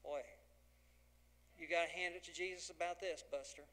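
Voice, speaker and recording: A man's voice: a little high, steady tone, normal speed, pushed and bright. A man preaching a folksy, dramatic sermon as pastor, acting out the dialogue of the scripture.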